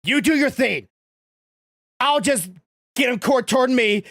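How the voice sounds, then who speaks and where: A woman's voice: high voice, animated, measured pace, fairly bright tone, dry recording, clean studio sound, heavily acted. A woman voicing a protective young male warrior who talks in an urgent rush. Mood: reassuring.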